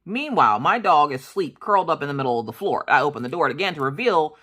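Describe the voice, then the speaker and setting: A woman in her thirties, a crafting channel host, telling a long story in an animated, indignant way as she chats. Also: sits low, fast talker. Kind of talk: storytelling chat while crafting.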